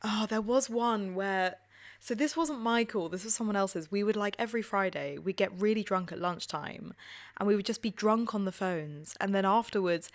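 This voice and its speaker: A woman's voice: medium pitch, moderate pace. A young woman in her twenties with a posh English accent, co-hosting a podcast and telling stories in a chatty way with frequent laughs. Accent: posh southern English. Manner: chatty storyteller, laughs often, swears casually. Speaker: podcast co-host. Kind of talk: casual chat.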